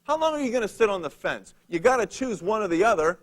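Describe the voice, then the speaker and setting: A man's voice: sits high, very animated, quick pace, voice pushed up. A man playing the prophet Elijah in a sermon retelling, speaking in brash, taunting, casual modern phrasing. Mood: commanding. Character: bold, mocking male prophet Elijah.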